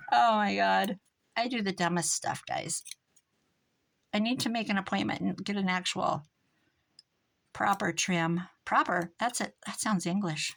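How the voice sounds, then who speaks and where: A woman's voice: medium pitch, a little slow, gravelly, pauses often, a bit bright. An older woman hosting a crafting tutorial, chatty and rambling, mocking herself and laughing often. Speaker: crafting video host.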